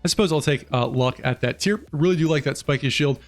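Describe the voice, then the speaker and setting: A man casually talking through a game build as a guide host, quick and chatty with frequent fillers. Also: fairly high pitch. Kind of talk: casual gameplay commentary. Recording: faint music behind voice.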